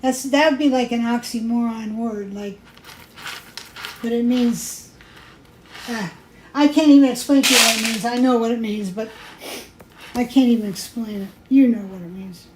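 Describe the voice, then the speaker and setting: A woman hosts a jewelry-making show, chatting in a rambling way as she crafts and laughing at her own mispronunciations. Her voice is fairly high, her pace moderate with long pauses, and the room is echoey with faint noise.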